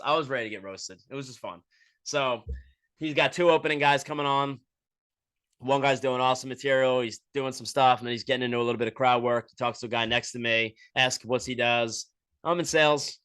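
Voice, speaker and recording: Profane man telling a story. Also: medium pitch. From Florida, USA. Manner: profane, animated retelling with quoted voices. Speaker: podcast host. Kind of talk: casual storytelling monologue.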